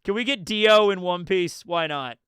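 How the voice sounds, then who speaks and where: A man on a live stream, rambling excitedly through a manga chapter breakdown, laughing often and acting out quotes. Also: high-pitched, normal speed, clean tone, no room sound, clean studio sound. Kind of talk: casual live-stream commentary.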